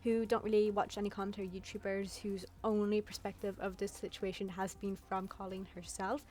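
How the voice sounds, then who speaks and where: A woman's voice: mid-range voice, level tone, fairly quick, a little mellow. A young woman giving casual, blunt commentary in a chatty vlog style, swearing freely. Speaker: YouTube commentator.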